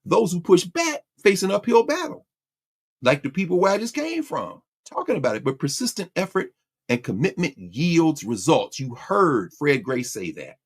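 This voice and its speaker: Animated gravelly man lecturing. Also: on the high side, normal speed. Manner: fiery, sermon-like, slangy and sarcastic. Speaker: host and lecturer. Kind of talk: impassioned political commentary lecture.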